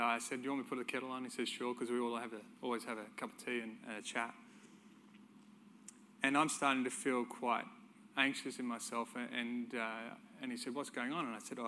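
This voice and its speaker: Bright-voiced man preaching. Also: mid-range voice, slight background noise. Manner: storytelling, conversational with chuckles. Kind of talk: sermon with personal testimony.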